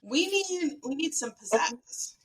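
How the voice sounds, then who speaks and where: A woman's voice: high-pitched, lively intonation, slow, a little hiss or hum, poor audio. A woman co-hosting a casual sports podcast, chatty and filling her talk with "like". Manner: chatty, lots of "like". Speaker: podcast co-host.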